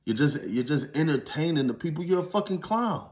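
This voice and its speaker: A man's voice: fairly high pitch, animated, fairly quick, a little mellow. A former inmate telling his story in a casual, blunt, heavily profane monologue that rises to emphatic preaching.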